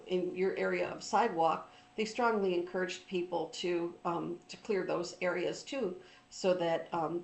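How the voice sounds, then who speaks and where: A middle-aged woman telling a personal story in an informal, reflective talk, pausing often with ums and restarts. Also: fairly low pitch, creaky, echoey room, poor audio. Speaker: trauma recovery speaker.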